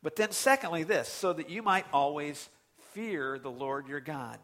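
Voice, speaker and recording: A man preaching a sermon as pastor, animated and conversational, with sudden loud outbursts. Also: on the high side, normal speed.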